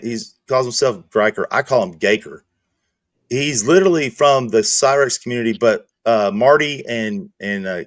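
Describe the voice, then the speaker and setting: A male streamer hosting a casual chat, telling profane, animated stories. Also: lowish voice, no echo, clean studio sound. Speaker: streamer host.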